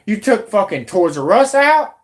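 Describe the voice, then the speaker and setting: A woman's voice: medium pitch, very animated, moderate pace. A woman, ranting angrily and swearing as a YouTube commentator. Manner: angry, profane, shouting in bursts. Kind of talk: angry political rant.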